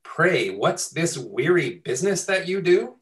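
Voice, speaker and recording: A man voicing a cheerful, curious sheep over a video call, reading verse in a high sing-song. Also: sing-song, unhurried, far from the mic.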